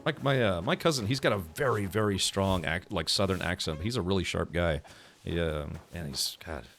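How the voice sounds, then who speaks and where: A man's voice: deep voice, a little fast, a bit bright. A man chatting casually while he streams a game, musing aloud with many fillers. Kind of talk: casual gameplay commentary. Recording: faint game music behind.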